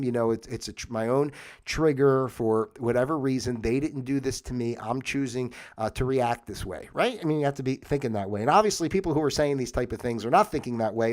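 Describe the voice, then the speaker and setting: Guy talking on a livestream, medium voice, lots of ums and restarts, kinda thinking out loud. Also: medium pitch. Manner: rambling, reflective, many fillers and restarts. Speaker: host. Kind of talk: casual livestream monologue.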